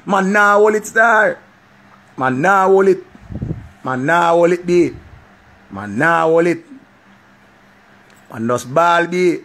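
A man with a Jamaican accent telling a story in casual, animated talk, slipping into patois and slang. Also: a little high, slow pace, long pauses. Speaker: vlogger.

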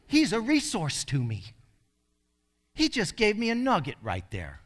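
A male pastor preaching a sermon in an emphatic way, with sudden loud bursts. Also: high voice, wildly swooping pitch, measured pace, long pauses.

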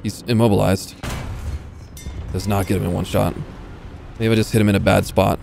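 Here the young man speaks at a moderate pace in a lowish, warm, level voice touched with vocal fry. As a gaming YouTuber playing a tank game, he offers laid-back, self-mocking live commentary, cursing and talking to himself over faint game gunfire and vehicle sounds.

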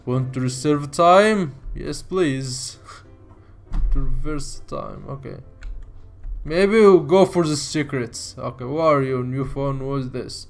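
A man's voice: medium pitch, slow, vocal fry, soft background music. A man hosting a gaming video, reading the story text aloud and then reacting with frequent exclamations, yelps and nervous laughs. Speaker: gaming channel host.

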